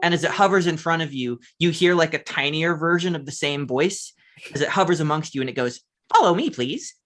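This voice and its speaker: A man's voice: on the high side, a little fast, fairly bright tone. A man narrating as game master of a tabletop game, describing scenes casually with lots of fillers.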